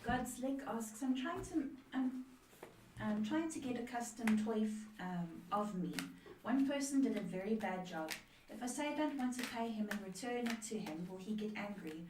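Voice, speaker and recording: A woman co-host reading out viewers' questions on a live stream in a plain, brisk voice. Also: a little high, lively intonation. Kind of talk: reading viewer messages aloud. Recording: far from mic, roomy with background noise.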